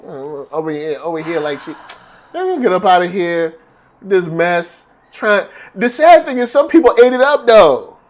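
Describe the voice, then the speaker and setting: A man co-hosting a loose, casual chat, his voice swooping up and down as he laughs through viewer shout-outs. His delivery is slangy and animated, never settling into a flat tone. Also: sits high, normal speed. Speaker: podcast co-host.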